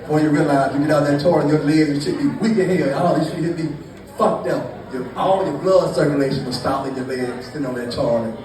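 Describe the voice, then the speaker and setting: A man's voice: a little high, fairly even intonation, fairly quick, darkish tone. A man doing stand-up storytelling to a live crowd, loose and profane, teasing the audience. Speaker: stand-up comedian. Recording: echoey, distant mic with noise.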